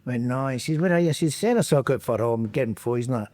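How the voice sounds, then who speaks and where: A man's voice: medium pitch, quick pace. A middle-aged man with a Scottish accent tells anecdotes in a loose, chatty way. He jumps into other people's voices and breaks into laughter as he goes. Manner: animated anecdotes, acts out quotes, laughs often. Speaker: podcast guest, former footballer. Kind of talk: casual storytelling chat.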